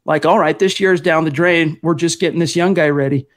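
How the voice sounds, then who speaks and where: A man's voice: on the high side, steady tone, fairly quick. A man hosting a sports podcast, talking at length with detours and self-corrections. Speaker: podcast host. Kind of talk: casual sports podcast chat.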